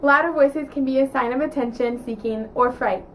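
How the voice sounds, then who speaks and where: A woman's voice: sits high, a bit bright, a little hiss or hum. Woman narrating from off-mic. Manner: measured, explanatory. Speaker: student narrator. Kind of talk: scripted narration. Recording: voice from a distance.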